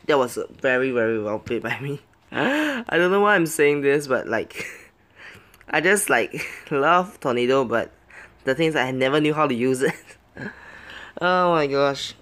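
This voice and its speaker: A young man narrating his own gameplay live, his voice sitting at an ordinary middle pitch. He talks through each move half to himself, then bursts into yelps and begs the game when things go wrong. The delivery is casual, quick to react and never scripted. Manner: excitable, swings between muttering plans and loud yelps. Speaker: game commentator.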